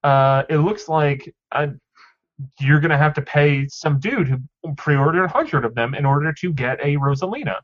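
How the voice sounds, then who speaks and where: Ranting higher-voiced man. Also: normal speed. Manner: ranting, acts out mock quotes. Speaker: podcast co-host. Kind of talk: casual gaming chat. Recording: dull lo-fi audio.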